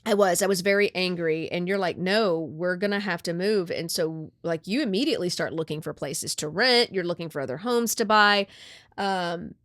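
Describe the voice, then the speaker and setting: A woman podcast host in a casual chat, retelling a story with lively acted-out dialogue. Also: fairly low pitch, moderate pace, no echo, clean studio sound.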